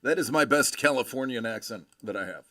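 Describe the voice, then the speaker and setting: A man hosts a casual livestream, his bright, forward voice swooping up and down as he jokes and greets viewers by name. He sits a touch high for a man, and the sound is dry and close. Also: lively intonation, brisk, dry recording. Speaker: livestream host.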